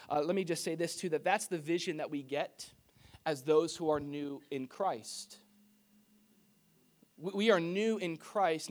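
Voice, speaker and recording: Conversational pastor preaching to his church. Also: a little high. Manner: conversational preaching with personal stories. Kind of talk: sermon.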